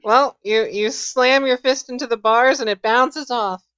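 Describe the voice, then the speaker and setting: High-pitched woman running the game, plain matter-of-fact delivery; dull, dry, muffled audio. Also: steady tone, a little slow, a bit bright, clean tone. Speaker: game master. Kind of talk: narrating a tabletop game.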